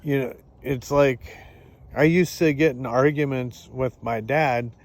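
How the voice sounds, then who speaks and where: A man talking to the camera in a casual, halting way, with many fillers and restarts, outdoors in the countryside. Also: mid-range voice. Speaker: vlogger. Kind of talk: casual spoken reflection.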